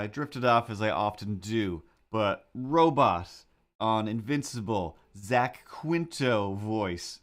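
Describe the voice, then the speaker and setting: A man animating on a live stream, chatting casually to viewers in a rambling, easily sidetracked way with excitable asides. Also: lowish voice, clean tone. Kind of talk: casual livestream chat while animating.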